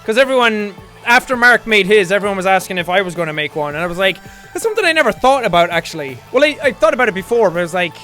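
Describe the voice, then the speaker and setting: A man hosting a casual livestream, chatting in a jokey, excitable way, with bursts of shouting and laughter. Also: sits high, fast, hardly any pauses. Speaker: livestream host. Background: faint background music.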